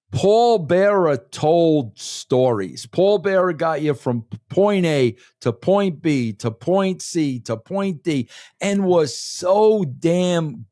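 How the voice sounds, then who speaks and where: A man's voice: on the high side, a little mellow, no room sound, studio quality. A man being interviewed on a podcast, talking in an emphatic, rambling casual way and calling the host "bro" again and again. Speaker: former wrestling head writer, guest.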